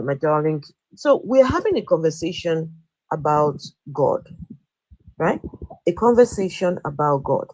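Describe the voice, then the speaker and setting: A woman's voice: deep voice, rough recording. A woman hosting a live audio-room debate, firm and blunt, who presses the same question again and again. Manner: firm and blunt, repeats her questions insistently. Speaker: host of an online audio discussion room.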